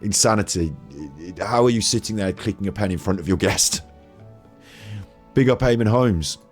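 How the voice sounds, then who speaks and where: A man's voice: low-pitched, fairly quick, soft background music. A man streaming casual commentary over a video clip, chatty, laughing and swearing.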